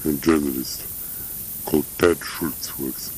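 Older man from russia, very low voice, rambling anecdotal talk, faint hiss behind. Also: fairly even intonation, a little slow, rough recording. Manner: rambling, anecdotal, with frequent asides. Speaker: interviewee. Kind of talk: reminiscing conversation.

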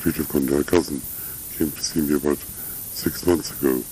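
Older man with a very deep voice. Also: fairly even intonation, moderate pace, warm tone, a little hiss or hum, low-quality recording. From Russia. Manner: rambling, anecdotal, with frequent asides. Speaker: interviewee. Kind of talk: reminiscing conversation.

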